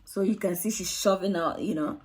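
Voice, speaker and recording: A woman's voice: medium pitch, brisk, a little mellow. A woman who hosts her own channel, explaining storytime techniques to early years practitioners and often ending with "isn't it?". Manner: explanatory, asks tag questions.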